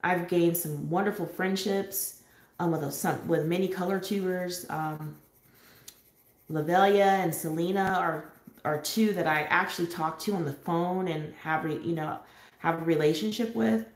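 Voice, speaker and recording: A chatty woman from San Diego hosts a live stream from home, her lowish voice carrying off the walls of an echoey room. She talks loosely, laughing often and pausing on "um" between thoughts. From San Diego, California. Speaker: adult coloring channel host. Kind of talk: casual live-stream chat. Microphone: home live-stream setup.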